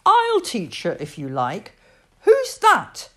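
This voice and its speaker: A woman voicing a cheeky, boisterous little boy in a storybook, loud and bossy. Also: a little high, huge pitch swings, takes it slowly, voice pushed up, heavily acted.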